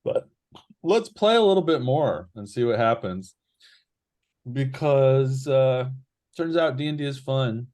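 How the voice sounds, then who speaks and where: A man's voice: medium pitch, a little slow. Laid-back man running a tabletop game. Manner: relaxed, rambling with many fillers. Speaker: game master. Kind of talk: narrating a tabletop game online.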